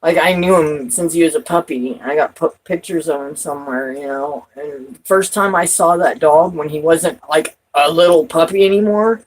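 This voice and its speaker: Husky-voiced woman ranting profanely. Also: low-pitched, moderate pace, hardly any pauses, poor audio. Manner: profane, rambling, restarts, loud outbursts and trailing off. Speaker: vlogger. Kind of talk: rambling personal talk to camera.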